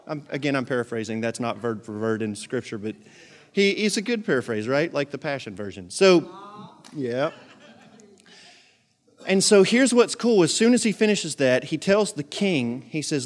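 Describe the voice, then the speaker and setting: A man's voice: on the high side, measured pace. A man preaching a sermon as pastor, telling Bible stories with jokes and acted-out quotes. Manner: lively, joking storyteller who acts out quotes.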